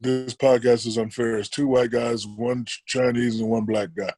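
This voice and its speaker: A man in his forties, a podcast guest on a video call, who jokes loudly in banter and turns slow and reflective when he talks about serious things. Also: mid-range voice, little pitch movement, no echo, faint music behind, low-quality recording. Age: 40s. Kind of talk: casual chat over a video call.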